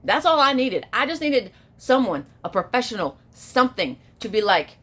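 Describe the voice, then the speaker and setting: A woman talking straight to camera in a casual motivational monologue, emphatic and repeating herself, moving between hushed and shouted lines. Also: fairly high pitch, big pitch swings, normal speed, hardly any pauses. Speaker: vlogger.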